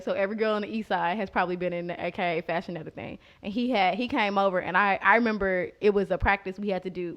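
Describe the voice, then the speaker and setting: A woman from Oklahoma who is a guest on the show, reading a poem and telling comic stories in a loud, animated way. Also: medium pitch. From Boley, Oklahoma.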